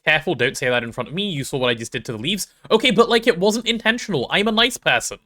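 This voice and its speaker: A man's voice: on the high side, lively intonation, quick pace, sharp tone. A young man chatting casually while streaming a game, rambling and playful with self-deprecating stories. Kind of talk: casual gaming stream chat.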